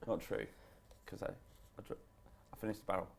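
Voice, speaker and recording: A man's voice: lowish voice, brisk, vocal fry, slight background noise. A hungover man co-hosting a football podcast, arguing and swearing in casual banter. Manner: animated, swearing, argumentative. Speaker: podcast co-host.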